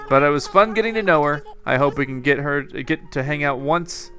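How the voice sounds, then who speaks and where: Man voicing a peppy female cat villager, game character, gossipy, high, bright. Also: moderate pace, soft background music. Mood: bubbly. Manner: gossipy and bubbly.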